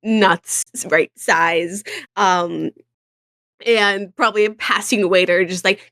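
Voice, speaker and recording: A woman's voice: mid-range voice, fairly even intonation, slow pace, fairly bright tone, no room sound, clean studio sound. A young woman playing in a tabletop role-play, describing her character's actions in a rambling way with many fillers. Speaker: player.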